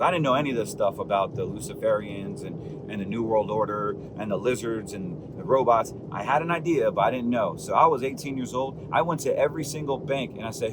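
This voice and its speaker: A man's voice: medium pitch, noisy background. A man hosting a candid monologue show, talking with fiery, preachy emphasis that rises as he presses his point. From Puerto Rican heritage. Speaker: podcast host, financial advisor.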